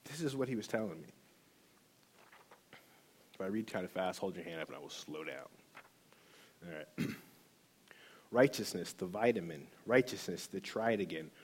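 A middle-aged man tells his faith story to a workshop group, his voice husky and slightly breathy. He speaks earnestly and with feeling, often restarting his sentences as he goes. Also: sits low, lively intonation, normal speed, long pauses. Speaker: workshop leader. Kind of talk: personal testimony.

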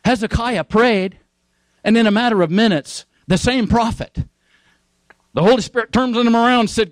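A man's voice: extremely high pitch, moderate pace, no echo, low-quality recording. A man preaching a sermon, emphatic, repeating key phrases and asking his listeners questions.

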